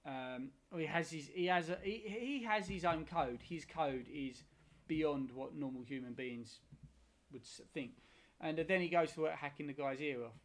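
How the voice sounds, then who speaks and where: A man's voice: a little high, moderate pace. A man, chatting about films on a podcast, enthusiastic and rambling. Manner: enthusiastic, rambling, swears casually. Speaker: podcast co-host. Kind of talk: casual chat about films.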